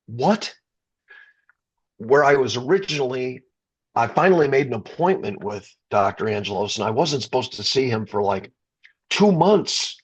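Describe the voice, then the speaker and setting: A man's voice: mid-range voice, expressive, normal speed, slightly rough. A middle-aged man from the Chicago area, a rock singer, telling an emotional story in an interview, stumbling and restarting and getting choked up. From Chicago area, USA.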